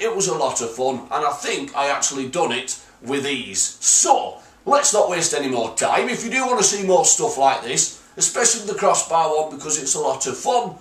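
A young man giving crude, excitable gameplay commentary, swearing and shouting as he plays. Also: a little high. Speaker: gaming YouTuber. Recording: echoey, mic at a distance, music behind.

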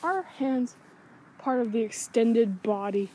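A woman's voice: a little high, lively intonation, slow pace, warm tone, breathy edge. A woman rambling to herself in a casual vlog outdoors at night, scatterbrained and easily distracted, recorded on a handheld iPod. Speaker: vlogger. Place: outdoors at night on a backyard swing in the cold. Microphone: handheld iPod camera.

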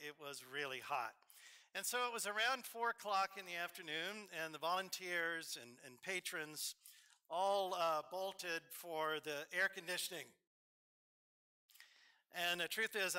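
A man with an Alabama accent giving a eulogy at a memorial service in a church, telling stories with frequent fillers and asides. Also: on the high side. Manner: storytelling, warm asides, hesitant fillers. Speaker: officiant.

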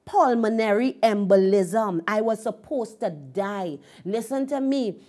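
A woman's voice: medium pitch, expressive, measured pace, a little mellow. A woman hosting a devotional show, teaching and telling stories with emphatic delivery. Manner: emphatic storytelling. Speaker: host and minister.

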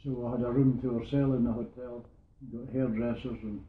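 A man's voice: medium pitch, little pitch movement, normal speed. Elderly Scottish man, tinny and echoey. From Scotland. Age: 90s. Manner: rambling storyteller, repeats "I says". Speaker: war veteran interviewee. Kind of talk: oral history reminiscence. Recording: echoey, tinny phone-like sound.

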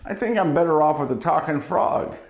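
A wry old man answers in a dry, deadpan voice, as a storyteller puts him on. The voice sits a little high. A roomy echo hangs on every word. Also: brisk, creaky. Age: older.

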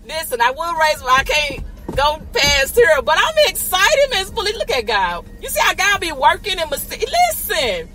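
A woman podcast host giving a live faith talk while driving, breaking into loud joyful praise. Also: high voice, very animated, normal speed, poor audio. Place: in a car. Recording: street and car noise. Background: car and road noise.

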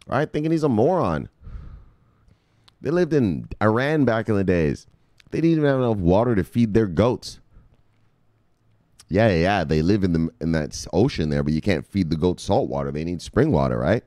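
Deep-voiced man preaching about crypto. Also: sing-song, moderate pace, dark tone, no room sound, clean studio sound. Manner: preachy storytelling, crude and joking. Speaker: crypto video host. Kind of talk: mock-sermon crypto commentary.

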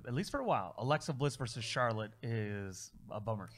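A man's voice: medium pitch, animated, fairly quick, fairly bright tone. A man co-hosting a wrestling talk show in casual chat, upbeat and enthusiastic, with frequent fillers.

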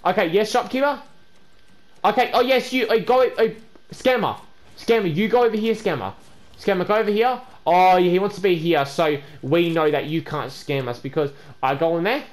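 A man hosting a gameplay video, stammering and repeating words, then scolding another player loudly. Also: high-pitched, normal speed. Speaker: gaming channel host. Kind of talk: casual gameplay chat.

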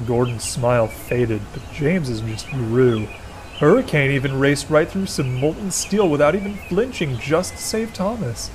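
A man narrating a storybook about steam engines in a gentle, measured manner. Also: mid-range voice, expressive, a little hiss or hum.

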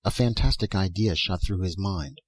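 A man reading a science fiction story aloud as an audiobook narrator, in a measured storytelling manner. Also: low voice. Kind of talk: scripted narration.

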